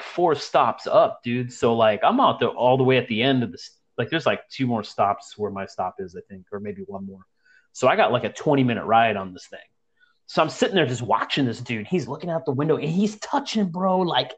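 A man's voice: mid-range voice, brisk, breathy edge, muffled recording. A young man casually telling a story to friends, profane and slangy, acting out the people he describes. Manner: profane, slangy, animated retelling.

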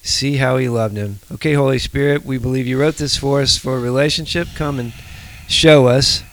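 Smooth-voiced man leading Bible study. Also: medium pitch, steady tone, rough recording. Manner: measured, deliberate reading. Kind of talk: reading scripture and leading discussion.

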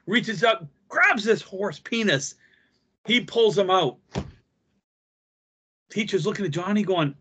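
Husky man rambling through a joke. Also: fairly high pitch, normal speed, fairly bright tone. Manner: rambling, laughing storyteller. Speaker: podcast co-host. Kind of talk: casual chat, joke telling.

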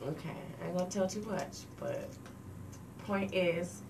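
A woman's voice: lowish voice, measured pace. A woman co-hosting a casual chat, chiming in with laughter and defensive interjections. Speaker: co-host. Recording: roomy echo, distant mic, clear noise.

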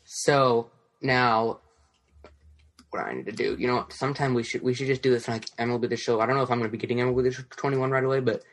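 Chatty fantasy baseball podcast co-host. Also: male voice, mid-range voice, fairly even intonation, fast. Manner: chatty, quizzes his co-host. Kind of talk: casual chat drafting fantasy baseball.

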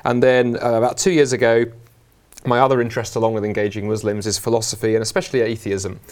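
A man with a South London accent, speaking as an interview guest in a lively, joking way with many fillers. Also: medium pitch, quick pace. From England. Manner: animated, jokey, many fillers. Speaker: guest, Christian scholar. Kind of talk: conversational interview.

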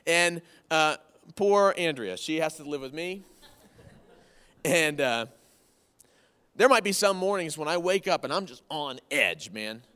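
A man's voice: a little high, expressive, a little slow, long pauses, bright, forceful tone, clean tone. A man in his thirties preaching a conversational sermon, folksy and repeating key phrases for emphasis. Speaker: pastor. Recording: long hall reverb from the room.

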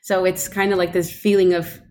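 A woman co-hosting a casual podcast chat, playful and animated in her asides. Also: on the low side, moderate pace, slight background noise. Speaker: podcast co-host.

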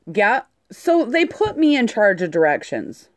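A woman telling a story in casual chat, animated and swearing freely. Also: medium pitch, a little slow, no echo. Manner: animated, swears a lot, acts out quotes.

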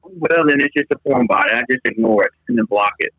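A man's voice: medium pitch, animated, fairly quick, sharp tone, no echo, rough recording. A man co-hosting a podcast, chatting casually and rambling, trailing off mid-thought. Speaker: podcast co-host.

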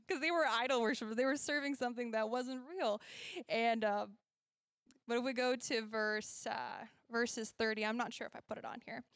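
A woman's voice: on the high side, clear, resonant tone, no echo, studio quality. Chatty, laughing woman teaching kids. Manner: chatty, laughs often, self-correcting. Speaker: children's church teacher. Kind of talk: casual Bible lesson with props.

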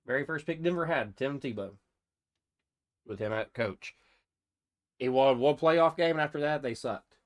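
Male sports podcast co-host, mid-pitched, casual and meandering, argues by asking questions. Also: normal speed, pauses often.

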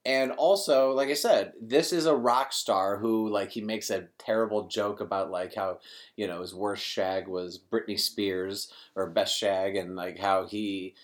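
A man's voice: on the low side, fairly even intonation, unhurried. A man co-hosting a casual movie discussion, rambling and correcting himself as he talks. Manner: rambling, self-correcting, frequent laughs. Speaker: podcast co-host.

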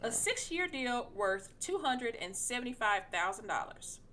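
A woman hosting a podcast in casual sports chat, animated and slangy, with a playfully incredulous manner. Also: on the high side, moderate pace, a little hiss or hum. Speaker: podcast host.

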